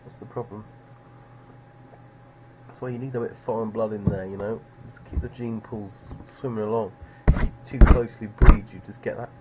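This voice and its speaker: A man's voice: on the low side, fairly even intonation, moderate pace, dull audio, noisy background. A man streaming live poker, musing over players in a dry, sardonic way.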